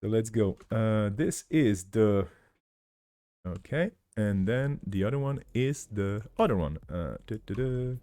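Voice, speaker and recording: A man's voice: lowish voice, lively intonation, measured pace, dark tone, dry recording, clean studio sound. A man with a tired voice co-hosting a card game stream in casual chat, hesitant and full of fillers. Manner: hesitant, many fillers and restarts.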